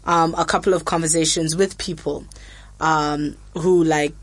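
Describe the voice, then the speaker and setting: A woman's voice: sits low, a little slow. A young woman, hosting a frank, casual chat full of fillers and quoted asides. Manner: frank, chatty, many fillers, animated quotes. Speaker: podcast host.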